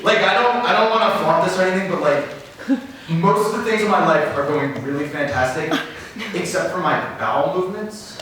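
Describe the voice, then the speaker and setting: A man's voice: a little high, brisk, background noise. Young man rambling on an echoey stage. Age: young adult. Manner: rambling, filler-heavy, offhand. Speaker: stand-up comedian. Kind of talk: stand-up comedy set. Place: black-box theater stage. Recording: echoey stage audio from a distant mic.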